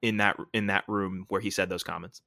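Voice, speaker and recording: A man with a bright, forceful voice talks sports in a relaxed, explanatory way. He stresses key words and keeps asking "right?" to drive his points home. The sound is close and dry. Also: low-pitched, a little fast, gravelly, no echo. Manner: explanatory, emphatic, often tags points with "right?". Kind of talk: casual sports commentary.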